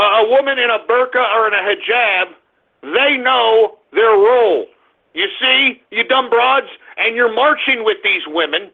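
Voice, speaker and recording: Ranting high-voiced man, tinny phone-line sound. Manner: angry, ranting, often shouting. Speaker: radio show host. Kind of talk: ranting radio monologue.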